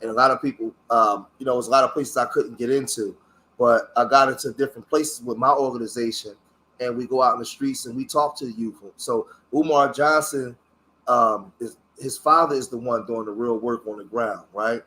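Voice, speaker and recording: A middle-aged man, a community activist, talks casually on his own livestream, halting and searching for words with many fillers, earnest about his past. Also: medium pitch, steady tone, bright, forceful tone. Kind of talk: casual livestream talk while showing photos.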